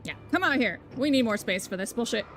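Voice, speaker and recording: A young woman streaming a game live, reacting loudly, swearing and shrieking at scares between chatty remarks. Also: fairly high pitch, expressive, fast, faint music behind. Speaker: gameplay streamer. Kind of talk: live gameplay commentary.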